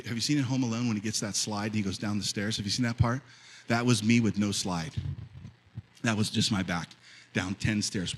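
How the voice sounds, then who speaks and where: A man in his fifties preaching a sermon as pastor, telling a story and then rising to loud, fervent preaching. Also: lowish voice, a little hiss or hum, rough recording. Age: 50s.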